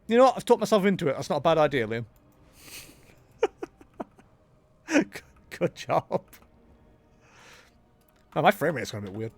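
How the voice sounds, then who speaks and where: A man's voice: on the high side, big pitch swings, fast, pauses often. A young man streaming a game, chatting casually and rambling with jokes as he talks himself into ideas. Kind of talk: casual live-stream chatter while gaming.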